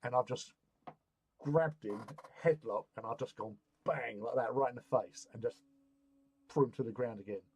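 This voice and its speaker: A man's voice: mid-range voice, moderate pace, darkish tone, a little hiss or hum. A man telling a loose, rambling anecdote in casual chat while hosting a hobby stream.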